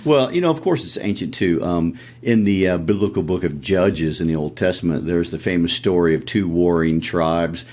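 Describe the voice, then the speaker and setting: A man, co-hosting a podcast and relating stories in a relaxed, conversational way. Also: low voice, moderate pace, hardly any pauses. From Tennessee, USA. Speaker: podcast co-host. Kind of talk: casual literary discussion.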